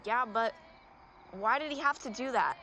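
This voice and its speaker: An actress playing a gentle teenage girl fan in an indie film, soft and sorrowful. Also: fairly high pitch, normal speed, faint music behind.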